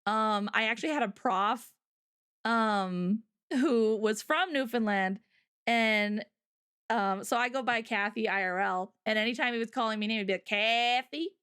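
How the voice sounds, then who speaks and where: A woman's voice: fairly high pitch, normal speed, fairly bright tone, clear, resonant tone. A young Canadian woman with a Canadian accent, hosting a casual livestream chat in a giggly, rambling way full of fillers. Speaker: livestream host.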